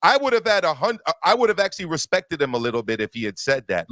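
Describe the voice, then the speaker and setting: A man debating boxing on a panel, his voice sitting a little high and recorded close and dry. He is emphatic and argumentative, and he stacks repeated words when he wants to make a point stick. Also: sing-song, fairly quick, a bit bright, no echo.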